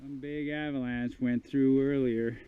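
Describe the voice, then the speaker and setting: A man's voice: medium pitch, steady tone, unhurried. A man in his fifties narrating a hiking vlog outdoors on a mountain trail, awestruck, exclaiming often and talking straight to his viewers. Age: 50s. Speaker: hiking vlogger. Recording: tinny, thin sound with loud wind noise.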